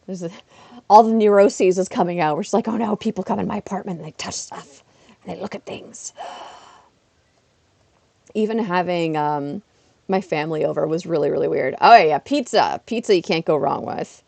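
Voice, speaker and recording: A woman chatting casually on a livestream while playing a game, self-deprecating and bursting into excited exclamations. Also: lowish voice, normal speed, creaky, dry recording. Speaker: streamer. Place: her apartment.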